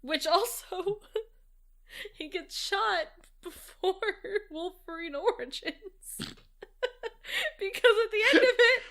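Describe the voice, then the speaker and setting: A woman's voice: extremely high pitch, slow, long pauses, fairly bright tone. A woman co-hosting a casual movie discussion, chatty and laughing often. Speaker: co-host.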